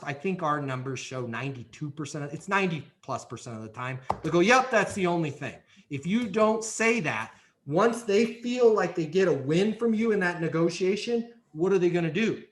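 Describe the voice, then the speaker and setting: A man giving energetic coaching talk on a podcast, emphatic and repetitive, often checking in with "right?" and "okay?". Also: on the high side, moderate pace, few pauses. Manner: emphatic, repeats key phrases, frequent "right?" and "okay?". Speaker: guest speaker on leasing and renewals. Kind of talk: energetic coaching talk with role-played examples.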